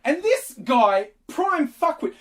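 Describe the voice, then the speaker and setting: A woman's voice: sits high, very animated, takes it slowly. A woman co-hosting a podcast, ranting furiously with heavy swearing and repeated insults. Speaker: podcast co-host. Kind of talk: casual ranting commentary.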